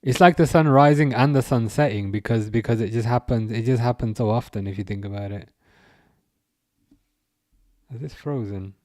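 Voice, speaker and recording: A man's voice: mid-range voice, normal speed, long pauses, a little mellow, no room sound, studio quality. Chatty man reacting to a match. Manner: chatty, self-mocking, stammering restarts, frequent laughs. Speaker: livestream host. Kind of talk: casual live match commentary.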